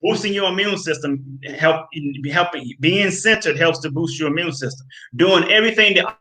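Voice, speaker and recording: A man's voice: on the high side, normal speed, bright, forceful tone, poor audio. A man hosting a health video, lecturing his viewers in a preachy, emphatic way, repeating key phrases and calling them folks. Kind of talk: preachy direct-to-camera talk.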